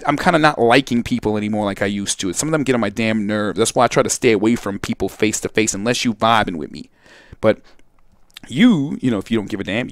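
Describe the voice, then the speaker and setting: A young man from Brooklyn, hosting a casual software tutorial, rambling and digressing, often restarting sentences and talking straight to viewers. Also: medium pitch, dry recording, clean studio sound. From Brooklyn, New York. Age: young adult. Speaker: host and video editing tutor.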